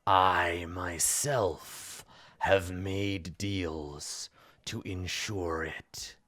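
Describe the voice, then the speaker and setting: A man voicing a slow-spoken undead male king, calm and menacing, drawing his words out until they fall to a whisper. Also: sits low, heavily acted. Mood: cold. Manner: slow, drawn-out speech sinking into a whisper.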